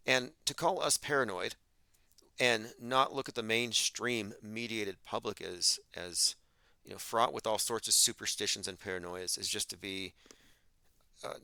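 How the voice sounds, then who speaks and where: A man's voice: fairly low pitch, pushed and bright, no room sound. A man hosting a livestream, delivering an emphatic, argumentative monologue and reading out chat comments. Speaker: podcast host.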